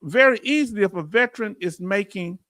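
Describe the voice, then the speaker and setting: Man, commentary host, animated, fairly high voice, dry close sound. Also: fairly quick, dry recording. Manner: animated, talks back at clips, laughs often. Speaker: veterans benefits commentator. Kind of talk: casual commentary video.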